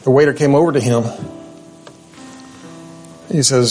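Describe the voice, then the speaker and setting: A man's voice: medium pitch, fairly even intonation, normal speed, darkish tone, faint music behind. A male pastor giving a sermon in a conversational way, with asides and restarts.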